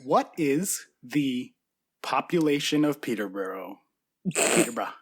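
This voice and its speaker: A man's voice: medium pitch, lively intonation, unhurried, slightly rough. A man co-hosting a podcast, playfully running a quiz game and joking around in casual chat. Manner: playful, jokey, laughs a lot. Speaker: podcast co-host, quiz master.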